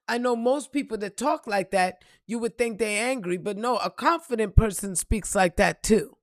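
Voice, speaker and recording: A woman's voice: on the high side, dry recording, clean studio sound. A woman giving a blunt, emphatic motivational monologue and swearing freely, calling the listener "baby". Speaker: spiritual reader.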